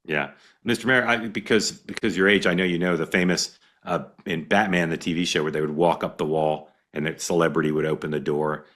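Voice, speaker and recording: A man hosting a political talk show, talking in a conversational, halting way with many restarts. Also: deep voice, steady tone, fairly bright tone. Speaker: host.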